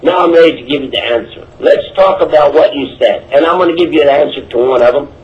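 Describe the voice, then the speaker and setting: Emphatic high-voiced preacher, lo-fi. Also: male voice, quick pace, slight background noise. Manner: emphatic, repetitive, animated. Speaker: Islamic preacher. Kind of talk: religious talk answering questions. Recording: dull lo-fi audio.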